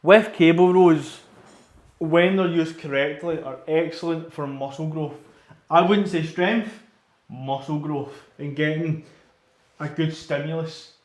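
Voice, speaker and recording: A man's voice: fairly high pitch, fairly even intonation, takes it slowly, echoey room. A Scottish man chatting casually and rambling while training in a gym, swearing often and repeating himself. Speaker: livestreaming gym-goer.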